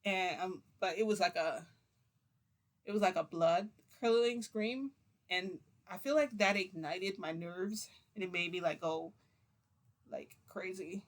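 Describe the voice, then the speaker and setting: A woman's voice: lowish voice, a little slow. A woman vlogger telling a story to camera in a rambling, chatty way, with fillers and laughs.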